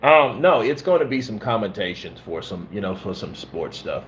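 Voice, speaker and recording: A man's voice: lowish voice, sing-song, normal speed, a bit bright, a little hiss or hum. A man from the American South, a stunt performer, chatting casually and telling profane, rambling stories. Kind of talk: casual chat.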